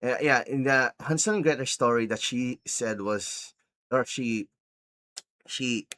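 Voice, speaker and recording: A man's voice: a little slow, bright, forceful tone. A man casually recapping a film for his channel, rambling with many restarts, laughing often and acting out quoted lines. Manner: rambling, laughing, acts out quotes in high voices. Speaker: YouTuber reviewing a film.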